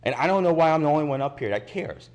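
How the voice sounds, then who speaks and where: A man's voice: a little high, expressive, fast talker. A man giving impassioned public comment at a county commission meeting, indignant and insistent, repeating his points at a podium microphone. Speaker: resident speaking at public comment.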